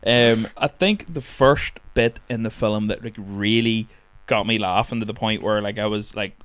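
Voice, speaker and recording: A man's voice: lowish voice, fairly even intonation, normal speed, fairly bright tone, clean tone, no room sound. A man hosting a podcast in casual chat, easygoing and swearing casually. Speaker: podcast host.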